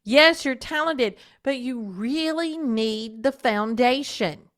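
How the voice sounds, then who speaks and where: A woman voice teacher talks her listeners through singing practice at a slow, deliberate pace. Her voice sits a little high for a woman. She coaches by asking the listener question after question. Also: a bit bright. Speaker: podcast host and voice teacher. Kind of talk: instructional podcast monologue.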